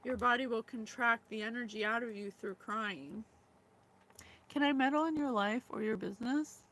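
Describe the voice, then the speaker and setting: A woman's voice: a little high, normal speed, a bit bright, rough recording. A woman in her thirties, from the former Yugoslavia, hosting a psychic reading in a casual, emotional way with many fillers. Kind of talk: casual spiritual reading talk.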